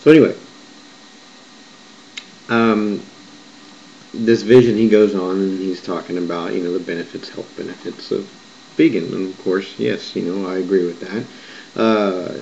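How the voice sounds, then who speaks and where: A man's voice: sits low, steady tone, a little slow, creaky, pauses often, a little mellow, slight background noise. A man recounting a vision in a rambling, digressive monologue, often restarting and correcting himself. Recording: muffled lo-fi recording with faint background ambience.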